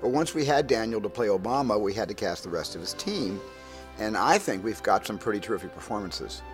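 A man's voice: on the low side, expressive, a little fast, natural voice. A man in a comedy sketch playing a famous film director, speaking with dry, wry humor over music.

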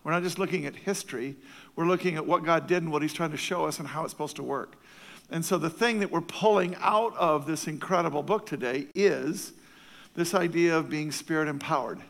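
A pastor preaches with an earnest, emphatic drive and leans on repeated phrases. His voice sits high for a man, with a gravelly edge. The sound rings with the long echo of a church hall. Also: a little fast, fairly bright tone. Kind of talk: sermon.

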